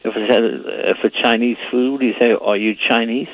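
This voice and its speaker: A comedian in his seventies, a guest on a phone-in interview, tells rambling anecdotes and acts out the voices within them. He speaks at normal speed in a steady, mid-range voice with no room sound, over a muffled, lo-fi radio line.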